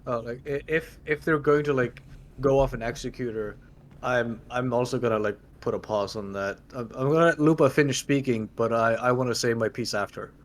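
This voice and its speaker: A man playing in a tabletop game, speaking haltingly as he restarts his words. His voice sits at a middle pitch. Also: slight background noise. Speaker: player.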